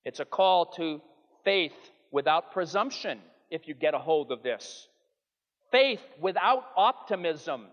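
A man's voice: fairly high pitch, expressive, a little slow, fairly bright tone, dull audio. A man preaching a sermon with earnest, emphatic delivery that rises and falls. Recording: long hall reverb.

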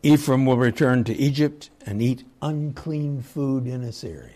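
A man teaching a Bible study, retelling scripture stories in a slow, reflective way and reading passages aloud. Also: mid-range voice, mellow. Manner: slow, reflective storytelling with chuckles.

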